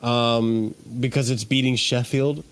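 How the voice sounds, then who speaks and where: A man on a live football stream panel, joking in quick banter. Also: mid-range voice, fairly even intonation, clean tone. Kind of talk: casual live chat.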